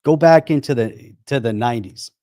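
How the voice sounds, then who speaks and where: A man at an average pitch talks bluntly and emphatically in casual podcast chat. He hammers his points with restarts and repetition. The sound is dry, with no room echo. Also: moderate pace, warm tone. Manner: blunt, emphatic, repeats himself. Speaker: podcast co-host.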